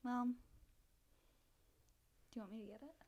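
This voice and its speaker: A woman's voice: a little high, normal speed, a little mellow, lo-fi sound. A young woman co-hosting a podcast in casual chat, talking loosely with lots of "like" and hedging. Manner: chatty, filler-heavy, hedging with "like". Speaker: podcast co-host.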